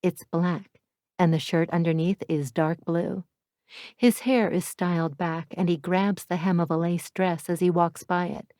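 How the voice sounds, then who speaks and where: A woman reads a first-person romance audiobook with a candid, self-mocking wit. Her voice is somewhat low, and the recording is dry with no room sound. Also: a little slow, darkish tone, dry recording. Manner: wry, candid, self-deprecating. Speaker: audiobook narrator.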